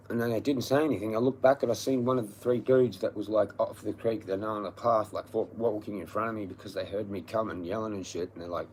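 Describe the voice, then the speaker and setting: An Australian man on a livestream, telling a story as an angry, profane rant that swings between low muttering and loud yelling. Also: steady tone, quick pace, slight background noise, rough recording. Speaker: livestream host.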